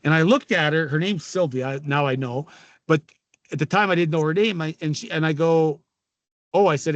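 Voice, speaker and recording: Guest, middle-aged Canadian man, storyteller, profane, slightly high voice, dry close mic. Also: normal speed, no room sound, dull audio. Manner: animated, profane, quotes people in dialogue. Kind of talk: casual storytelling.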